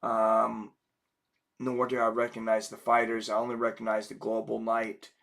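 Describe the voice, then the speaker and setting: This livestream host is sick and his voice is going. Fairly low, monotone, and marked by vocal fry with a slight brightness, he talks at normal speed, working through viewer comments in a rambling, filler-heavy way.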